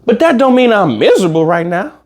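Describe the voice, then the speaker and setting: A man's voice: high voice, very animated, quick pace, a little mellow. A man hosting a casual reaction video, rambling and preaching life lessons straight to his viewers and swearing freely.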